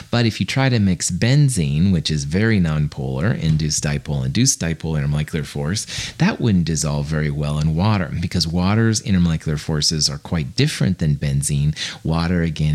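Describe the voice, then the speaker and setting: A man with a deep, low voice teaches chemistry in a recorded screencast. He explains things casually and chattily, and drops in self-deprecating jokes. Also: darkish tone. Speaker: college chemistry instructor.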